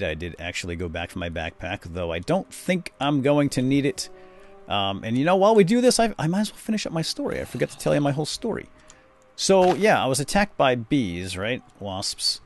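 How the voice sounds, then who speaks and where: A man's voice: fairly low pitch, a little hiss or hum. A middle-aged man hosting a casual game commentary, chatty and rambling as he tells stories and narrates what he is doing. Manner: chatty storyteller, rambling asides. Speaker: host. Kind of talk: casual let's-play commentary.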